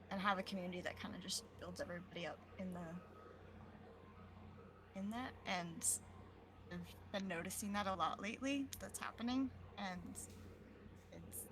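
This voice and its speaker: A soft-spoken, quiet woman chatting casually as a guest on a stream, laughing often. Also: fairly low pitch, background noise. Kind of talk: casual chat. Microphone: home streaming mic.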